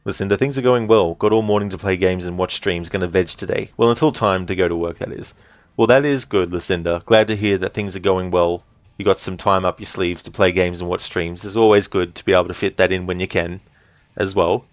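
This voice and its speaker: A man's voice: low-pitched, fairly quick, no room sound, soft background music. A man streaming a game, chatting casually, reading chat aloud and swearing now and then. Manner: relaxed, chatty, reads chat aloud, swears, laughs often.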